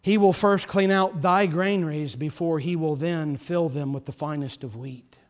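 A man preaching a sermon, his voice pitched high for a man and rising with passion before falling to near-whispers. He sounds like a pastor in a church, with a long reverb trailing each phrase. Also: normal speed. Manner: passionate preaching, swelling loud then dropping soft.

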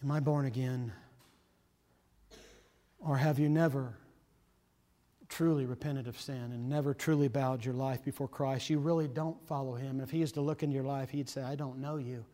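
A man preaching a sermon, earnest and urgent, swinging between loud emphasis and hushed, quiet lines. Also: mid-range voice, steady tone, moderate pace, long pauses, long reverb tail.

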